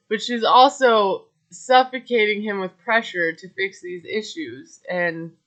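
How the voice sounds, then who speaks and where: A woman's voice: mid-range voice, bright, forceful tone, highs cut off. A woman casually recapping a reality show, chatty and gossipy, with lots of filler words and judgmental asides.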